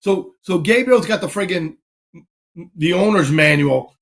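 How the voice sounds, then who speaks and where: High-voiced man telling a rowdy story. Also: unhurried, vocal fry. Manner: animated, profane storytelling, acting out quotes. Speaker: podcast host. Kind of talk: casual chat.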